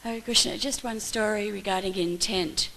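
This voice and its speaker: An older woman telling a gathering a personal story, lively and casual, using "like" and "you know". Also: medium pitch, moderate pace, creaky, noisy background. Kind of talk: anecdote told to a gathering.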